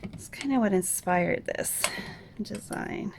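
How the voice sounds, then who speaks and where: A woman hosting a chatty step-by-step craft tutorial at home at night, talking softly and half-whispering because others are asleep, with easygoing asides as she works. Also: medium pitch, slow pace, creaky. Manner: hushed, half-whispered while others sleep. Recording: noisy home recording with clicks.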